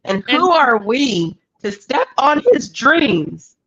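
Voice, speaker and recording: A woman's voice: fairly high pitch, sing-song, takes it slowly, a bit bright, slightly rough, dry recording. A woman co-hosting an online recap show, chatting casually and teasing her co-host. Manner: joking, teasing. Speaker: podcast co-host. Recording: dry, dull lo-fi audio.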